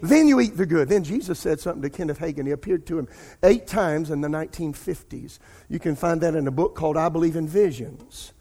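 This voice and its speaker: A man's voice: a little high, fairly quick, hardly any pauses, dark tone. A middle-aged man, preaching a sermon and addressing his congregation directly. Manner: preaching with call-and-response asides to the congregation. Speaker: pastor. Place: church sanctuary. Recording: long hall reverb.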